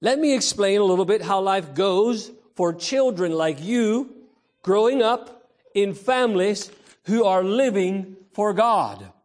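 Male pastor preaching to the kids, slow, emphatic, high voice that jumps all over. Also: lively intonation, darkish tone. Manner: emphatic preacher, calls out to the congregation; storytelling, imitates baby cries. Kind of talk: Sunday sermon addressed to children.

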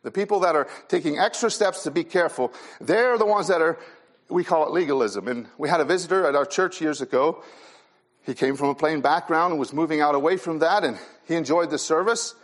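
A man pastor preaching a sermon to young people, earnest and repeating key phrases for emphasis, often dropping soft and low in sorrowful passages. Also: fairly quick. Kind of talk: sermon to a youth conference.

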